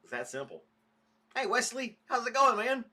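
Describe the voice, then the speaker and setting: Bright-voiced man chatting on a livestream. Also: very high voice, big pitch swings, normal speed. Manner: rambling, chatty, greets viewers by name. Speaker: podcast host. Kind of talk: casual morning livestream chat.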